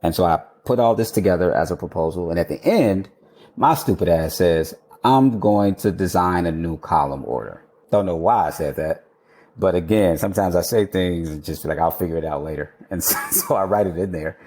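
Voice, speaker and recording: Male guest, 30s, deep warm voice, casual storyteller, laughs often, swears casually. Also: a little fast. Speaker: architect guest.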